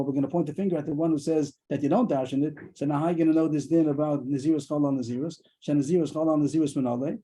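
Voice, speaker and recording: A man teaching a daily Talmud class over a video call, explaining quickly and mixing in Aramaic terms. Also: on the high side, warm tone, rough recording.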